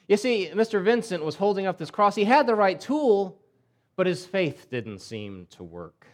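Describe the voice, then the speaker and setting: A man's voice: sits high, animated, normal speed. A male pastor delivering a sermon in a conversational storytelling way, often restarting his words.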